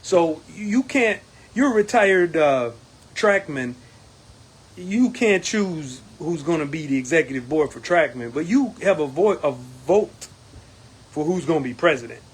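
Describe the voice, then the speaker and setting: A man's voice: a little high, lively intonation, a little slow, slightly rough, low-quality recording. A man, a union steward running for local president, recapping an event in a casual talking-to-camera monologue, emphatic and defiant, with many fillers and restarts.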